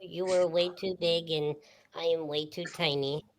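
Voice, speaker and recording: A man putting on a high, small voice for a tiny, timid male sidekick who loves peace and begs off a fight. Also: steady tone, measured pace. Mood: pleading.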